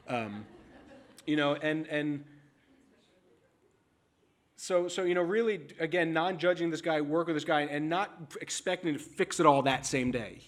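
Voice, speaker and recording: Man, conference talk, animal services manager, animated storytelling, casual and frank, slightly high voice. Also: brisk. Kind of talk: conference presentation. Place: conference stage.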